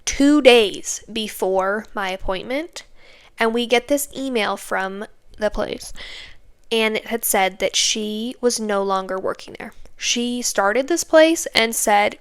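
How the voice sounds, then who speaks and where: A young woman in her twenties tells her own story on a podcast, rambling from point to point and tagging sentences with little checks to the listener. Her voice sits a bit high and sounds smooth and clear. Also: unhurried, fairly bright tone. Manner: chatty, rambling with many fillers and tag questions. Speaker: podcast host. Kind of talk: casual personal storytelling.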